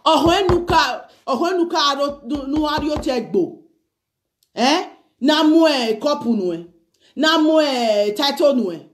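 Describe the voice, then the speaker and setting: A Nigerian woman with a high voice speaks straight to the camera in a casual video message. She pleads earnestly and switches freely between English and Pidgin. She keeps checking in with "okay?" and "you understand?". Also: lively intonation, normal speed. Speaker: vlogger sending a video message. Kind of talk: casual spoken appeal to the camera.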